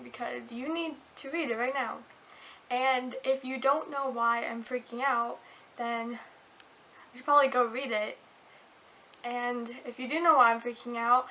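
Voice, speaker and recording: A woman reviewing a book in a casual vlog, gushing and excitable as she talks. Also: on the high side, a little hiss or hum.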